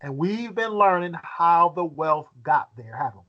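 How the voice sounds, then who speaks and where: High-voiced man teaching a Bible study. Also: expressive, dull audio. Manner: reads scripture aloud, then asks the listeners questions; halting, repeats words as he thinks.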